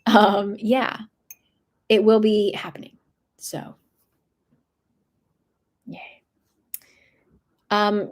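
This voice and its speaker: A woman's voice: mid-range voice, a little mellow. A young woman hosting a book channel livestream from her room, chatting casually and meandering with lots of fillers.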